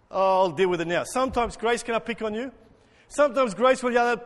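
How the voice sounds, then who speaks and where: Man from South Africa, pastor, high voice, animated preaching, church hall with long reverb. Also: quick pace. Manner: animated, acts out voices, jokes with congregation. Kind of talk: interactive sermon.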